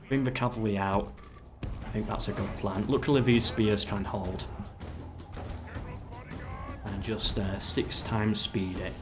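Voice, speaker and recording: Low-voiced man streaming a strategy game. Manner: chatty, gives orders to troops, talks to chat. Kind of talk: live game stream commentary. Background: game music.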